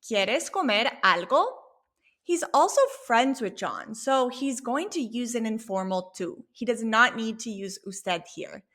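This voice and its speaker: Bright-voiced woman teaching Spanish. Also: a little high. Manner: clear, patient, slow when modeling Spanish phrases. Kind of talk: language lesson, explaining dialogue.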